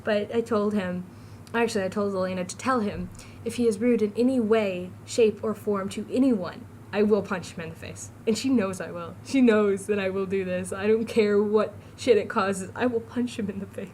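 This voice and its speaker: A woman's voice: mid-range voice, steady tone, normal speed, darkish tone, a little hiss or hum, poor audio. A teenage girl vlogging, chatty and giggly, jumping from topic to topic. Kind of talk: casual rambling vlog.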